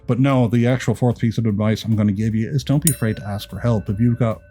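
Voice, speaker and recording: Irish man with a low, mellow voice. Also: fast, faint music behind. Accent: Irish, partly Americanized. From Ireland. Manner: chatty, rambling, self-deprecating jokes. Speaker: YouTube creator. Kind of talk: casual advice vlog.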